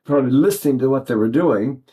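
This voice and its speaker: A medium-pitched, dark-toned male voice moves at normal speed. The speaker, an older East Texas man, gives a singing lesson with sung demonstrations, rambling folksily and often starting over.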